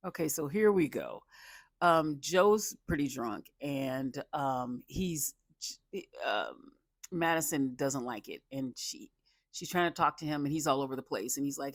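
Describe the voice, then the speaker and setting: Casual reality show recapper, laughs a lot and loses the thread, recorded dry and close, mid pitch. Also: normal speed, no room sound. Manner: rambling, stops often to restart sentences; laughs a lot while recounting. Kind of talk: casual commentary.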